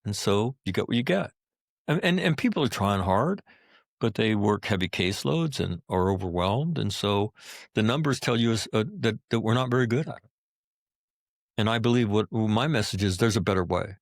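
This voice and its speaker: A man's voice: on the low side, animated, normal speed, vocal fry, dry recording, studio quality. A middle-aged man, a Marine combat veteran, telling stories in a podcast interview, blunt and profane, hammering his points home with repeated phrases. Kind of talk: candid podcast interview storytelling.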